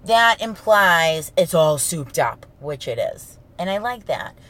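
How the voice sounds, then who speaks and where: A woman with a thick Boston accent and a gravelly voice, hosting her own podcast as a brash, profane storyteller in a casual solo monologue. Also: on the low side, very animated, slow, fairly bright tone. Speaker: podcast host.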